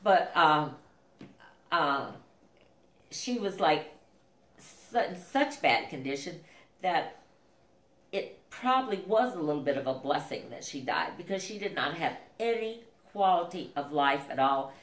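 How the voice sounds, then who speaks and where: A middle-aged woman telling family memories in a halting, casual way, full of fillers and acted-out quotes. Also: sits low, expressive, echoey room.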